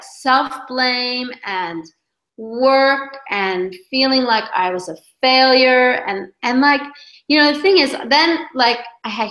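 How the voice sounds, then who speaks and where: A woman's voice: medium pitch, a bit bright, roomy sound, poor audio. A middle-aged woman, an interview guest, telling her personal story in a rambling, chatty way full of fillers over a video call. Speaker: interview guest, yoga teacher.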